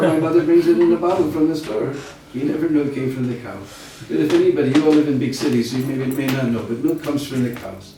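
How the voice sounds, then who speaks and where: A man's voice: on the high side, slight background noise. Man telling a sermon story, far off. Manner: animated storytelling with asides to listeners. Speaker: preacher. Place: large indoor hall at a summer camp. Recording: echoey hall from far off, faint ambience.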